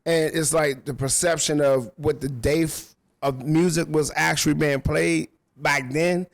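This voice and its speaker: A man's voice: fairly high pitch, steady tone, measured pace, vocal fry, no echo. A man who works as a radio DJ, talking casually in a loose, slangy storytelling way. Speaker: radio DJ guest. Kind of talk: casual chat. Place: rooftop venue.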